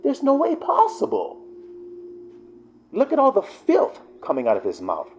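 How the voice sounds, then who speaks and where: A man voicing a shrill, scandalized fake churchgoer who gasps in horror. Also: huge pitch swings, a little slow, slight background noise, heavily acted. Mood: appalled.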